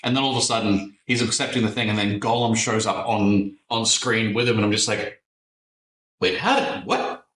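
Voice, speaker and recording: A man's voice: lowish voice, little pitch movement, a little fast, few pauses, fairly bright tone. A man chatting casually, swearing freely and laughing at himself. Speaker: podcast guest. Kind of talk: casual chat. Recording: echoey room, off mic.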